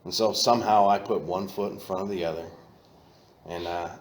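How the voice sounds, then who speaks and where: Low-voiced man telling his recovery story. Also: fairly even intonation, a little fast, reverberant, a little hiss or hum. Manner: candid and profane, flares loud when reenacting. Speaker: AA meeting speaker. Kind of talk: personal recovery talk. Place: meeting room.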